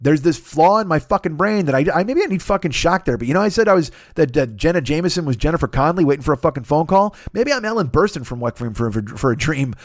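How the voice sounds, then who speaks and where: A man's voice: fairly high pitch, expressive, quick pace, hardly any pauses, no room sound, studio quality. A middle-aged man hosting a solo podcast, rambling and profane, with self-deprecating asides. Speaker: podcast host.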